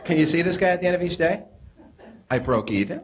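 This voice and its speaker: A young adult stand-up comedian with a fairly high, lively voice talks fast on a club stage, recorded on a noisy 1980s live club tape. His routine is neurotic and self-deprecating, with whiny voices for the characters he plays.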